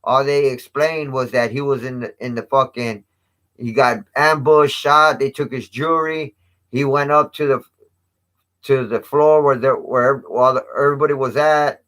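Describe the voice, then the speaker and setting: A channel host retells a story to his live chat in street slang, cursing heavily and getting louder whenever he quotes someone. His mid-range voice has a fairly bright tone.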